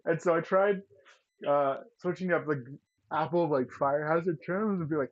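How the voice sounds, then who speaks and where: A young man vents at length, swearing freely as he strings one grievance onto the next in loose, casual storytelling. His voice sits a bit high for a man. The sound is muffled and lo-fi. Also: normal speed. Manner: profane, aggrieved venting. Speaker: streamer. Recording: dull lo-fi sound.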